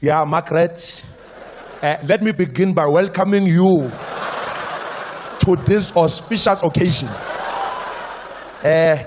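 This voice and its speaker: A man's voice: on the high side, a little mellow, slight background noise. A man doing a pompous long-winded politician. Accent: South African. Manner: slow, ponderous, bureaucratic speech. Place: comedy stage before a live audience.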